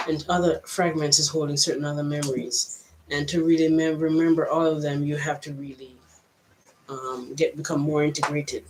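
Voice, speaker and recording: A woman with a mixed American and Jamaican accent, talking to camera in a personal vlog, reflective and halting as she thinks aloud. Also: low-pitched, darkish tone, slight background noise, low-quality recording. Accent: mix of American and Jamaican. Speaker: vlogger.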